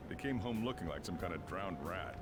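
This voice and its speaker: An actor voicing a gruff middle-aged male cafe owner who teases with a dry manner, in game dialogue. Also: sits low, expressive, fairly quick. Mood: teasing. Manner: dry, teasing. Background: loud game music.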